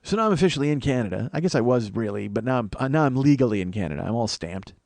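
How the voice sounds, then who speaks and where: A man's voice: medium pitch, lively intonation, rapid-fire, vocal fry, a little mellow. A man, telling a rambling, self-mocking comic story as a podcast host. He swears a lot, and his voice climbs when he acts out his panic. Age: 40s. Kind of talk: comedic storytelling monologue.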